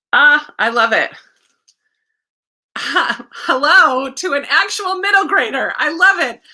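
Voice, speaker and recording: A young adult woman hosting a casual livestream, chatting warmly and reading out viewer comments, laughing often. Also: on the high side. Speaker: livestream host.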